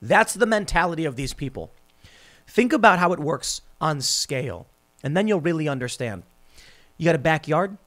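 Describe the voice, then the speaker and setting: A male podcast host with a slightly high-pitched voice delivers political commentary at a moderate pace, animated and sarcastic. He mocks opponents in put-on voices and stumbles over his words, repeating them and restarting sentences.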